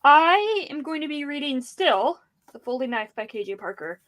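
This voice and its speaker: A woman's voice: high-pitched, big pitch swings, normal speed, a bit bright. A woman co-hosting a casual livestream, talking candidly and joking around. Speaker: guest co-host.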